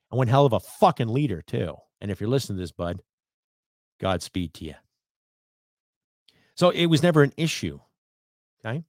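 A man's voice: lowish voice, expressive, moderate pace, pauses often, no echo, studio quality. A middle-aged man from Canada with a Canadian accent, hosting a podcast in a blunt, profane, ranting manner. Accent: Canadian English. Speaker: podcast host. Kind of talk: opinionated solo podcast monologue.

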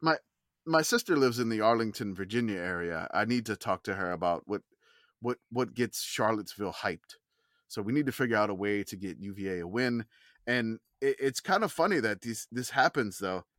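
A man's voice: on the low side, expressive, brisk, a bit bright, no room sound. Podcast co-host, male, rambly and self-correcting, dry close-mic sound. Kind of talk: casual sports chat.

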